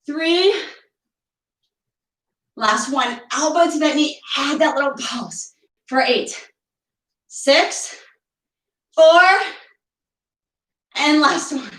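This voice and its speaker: This barre instructor speaks from a room at home in a high, fairly bright voice, extremely slowly and with frequent pauses. She is slightly out of breath as she counts reps, cheers everyone on and makes chatty side comments. A distant mic and reverb make the recording rough.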